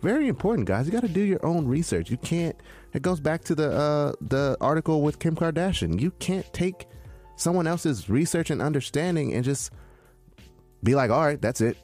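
A man co-hosting a casual crypto talk show, talking in an animated, preachy way and acting out quotes in a raised voice. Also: on the high side, normal speed, soft background music. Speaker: crypto podcast co-host. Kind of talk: casual chat.

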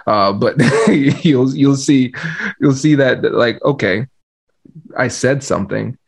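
A man hosting a podcast, talking quickly and earnestly and restarting his sentences. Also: mid-range voice, vocal fry, husky. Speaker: podcast host, mediator. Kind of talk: casual interview talk.

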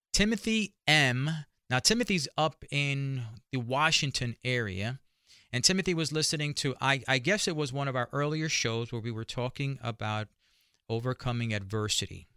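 Male radio host with an accent, encouraging and upbeat, bright and smooth-toned, dry studio sound. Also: mid-range voice, moderate pace, no room sound. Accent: noticeable accent. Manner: upbeat, encouraging, repeats his appeals. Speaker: radio talk show host. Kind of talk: radio talk show monologue.

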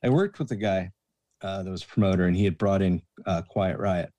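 A former promoter's assistant, appearing as a guest, casually tells a backstage anecdote and animatedly acts out the voices of the people he quotes. He speaks low and fairly quickly.

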